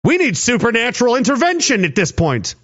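A man's voice: extremely high pitch, very animated, fairly quick, a bit bright. A man from Canada ranting sarcastically about politics in an angry commentary. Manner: ranting, sarcastic, mocking voices. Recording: dull lo-fi audio.

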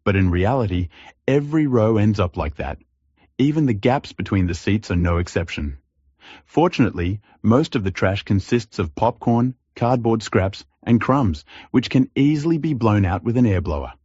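Husky low-voiced male narrator. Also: expressive, moderate pace, mellow, no room sound, muffled recording. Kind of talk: scripted documentary narration.

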